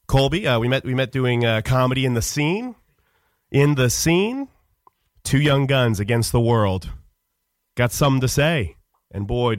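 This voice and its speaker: Man of middling pitch doing a halting, mock-serious comic rant; dry, close studio sound. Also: dry recording. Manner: rambling, halting, full of "uh"s. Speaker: radio show guest. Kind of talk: mock-solemn comic monologue. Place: radio studio.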